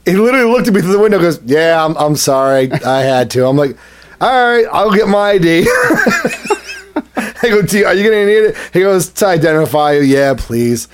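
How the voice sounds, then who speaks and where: A man telling a story in casual chat, animated and laughing often as he acts out what people said. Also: high-pitched, fairly quick. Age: adult, has a son. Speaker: podcast co-host telling a story.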